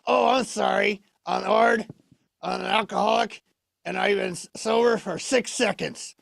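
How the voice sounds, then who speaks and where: A man's voice: high-pitched, steady tone, measured pace, gravelly, fairly bright tone, dry recording, clean studio sound, heavily acted. A man voicing a boozy, wisecracking male alien puppet in a ventriloquist comedy act, delivering cocky, brash one-liners.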